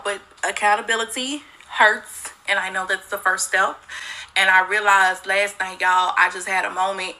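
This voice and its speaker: A woman's voice: medium pitch, vocal fry, pushed and bright, a little hiss or hum, poor audio. A woman and single mother speaking in a confessional social media video, candid and profane, talking straight to her viewers. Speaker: single mother, former dancer.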